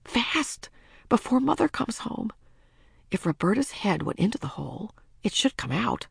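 A worried young girl's voice, pitched high above the reader's own, full of quick fretful questions. Underneath sits a gravelly, husky texture, recorded very dry. A woman puts her on for an audiobook. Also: sing-song, no echo, exaggerated voice. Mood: worried thinking. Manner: frantic, breathless quick questioning. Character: anxious young girl minding baby sister. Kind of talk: audiobook character voice.

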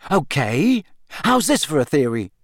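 A man voicing an excitable teenage schoolboy in an audiobook, blurting out ideas eagerly. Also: a little high, normal speed, no room sound, clean studio sound, voice pushed up. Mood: excited. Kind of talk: audiobook character voice.

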